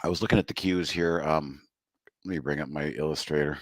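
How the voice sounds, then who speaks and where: A man's voice: rumbling low, fairly even intonation, a little fast, no echo. A man hosting a live trading room from his home desk, a little out of breath, chatting casually as he walks through his charts. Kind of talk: live market commentary.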